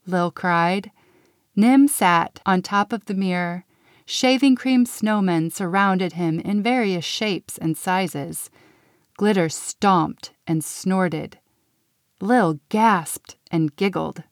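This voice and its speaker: Lady reading a kids story real slow and gentle, dry sound, no room echo. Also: fairly low pitch. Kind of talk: children's story read-aloud.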